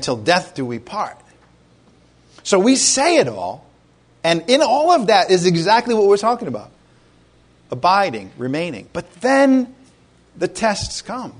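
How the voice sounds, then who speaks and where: A man preaching a sermon as pastor, in a conversational, animated way with joking asides. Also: high-pitched.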